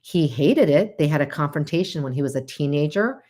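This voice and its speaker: Lively low-voiced woman hosting a talk. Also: brisk. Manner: animated, acts out quoted voices with big pitch jumps; conversational, with frequent laughs and asides. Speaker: host. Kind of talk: casual livestream talk to a chat audience.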